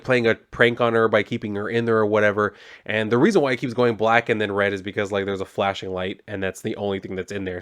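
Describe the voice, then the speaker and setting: A young man giving a casual comic book review, rambling and relaxed with plenty of fillers. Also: lowish voice, smooth.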